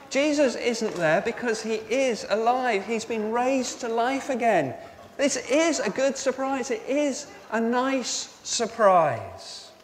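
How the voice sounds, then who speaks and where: A male pastor giving an Easter sermon to all ages. He asks the congregation questions and repeats their answers back to them. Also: very high-pitched. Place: church. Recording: reverberant church with faint noise.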